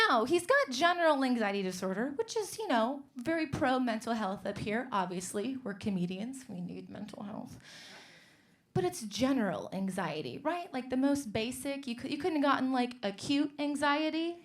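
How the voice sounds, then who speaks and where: A young woman from Northern California doing a stand-up set, sarcastic and teasing the audience. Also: on the high side. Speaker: stand-up comedian. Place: comedy club stage.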